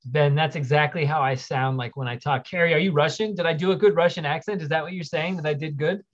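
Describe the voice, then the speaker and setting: On a casual livestream with dull lo-fi audio, a fast-talking host with a voice on the high side reads viewer questions aloud. He rambles as he answers each one.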